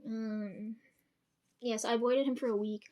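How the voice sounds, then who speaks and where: A young woman with a slightly high, hoarse voice talks to camera at home. She rambles through a personal story, swearing freely and stumbling over restarts and ums. It sounds like a casual storytime vlog. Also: steady tone, normal speed, warm tone. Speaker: vlogger.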